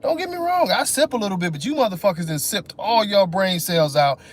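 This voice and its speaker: High-voiced guy w/ black ranting and cussing on a livestream, mocking everybody. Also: fairly quick, slightly rough. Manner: profane, mocking, animated rant. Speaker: livestream host. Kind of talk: ranting live stream.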